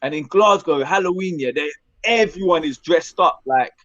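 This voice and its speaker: A man spins lively anecdotes in a casual podcast chat. His voice sits a little high, and he keeps checking in with his listeners as he talks. The recording is dry and slightly dull. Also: normal speed, dry recording. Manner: animated anecdote-telling with tag questions. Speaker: podcast co-host.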